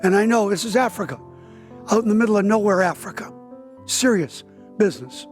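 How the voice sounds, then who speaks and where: Soft background music underlies this high-pitched man's voice, which has lively intonation and a fairly quick pace. A pastor in his seventies, he gives interview testimony, telling a dramatic story vividly and voicing its people with a raised voice.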